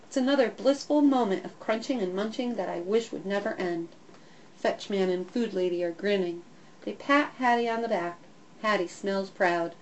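A woman narrating a first-person children's story in a lively, expressive way. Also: medium pitch, a little hiss or hum, poor audio. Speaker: audiobook narrator.

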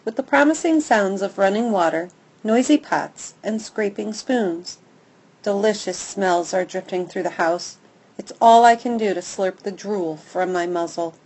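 A woman reading an audiobook aloud in the first person, with lively, expressive storytelling. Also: medium pitch, low-quality recording. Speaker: audiobook narrator.

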